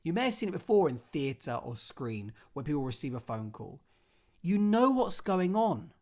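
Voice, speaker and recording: A drama teacher, giving an online acting lesson with clear step-by-step instructions and a theatrical, expressive delivery. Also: mid-range voice, normal speed.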